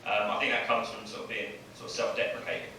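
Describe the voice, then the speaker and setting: Chatty comic, roomy club sound. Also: male voice, on the low side, monotone, fast, sharp tone, a little hiss or hum. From Bexley, southeast London. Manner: chatty, tags lines with "right?". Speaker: stand-up comedian. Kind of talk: stand-up set. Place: small comedy club. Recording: roomy club audio from far off. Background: audience laughter.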